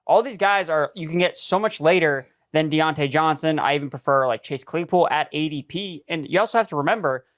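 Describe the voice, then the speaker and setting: A man talking through his reasoning in a steady, analytical way on a podcast. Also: on the high side, no room sound, clean studio sound. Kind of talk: casual podcast chat.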